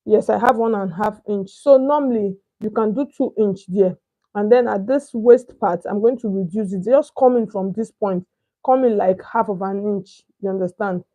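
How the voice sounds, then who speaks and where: Warm in tone, medium in pitch and at normal speed, this is the voice of a young Nigerian woman teaching sewing. She cuts a pattern step by step in a chatty tutorial, stopping often to ask if viewers can see and hunting for the right word.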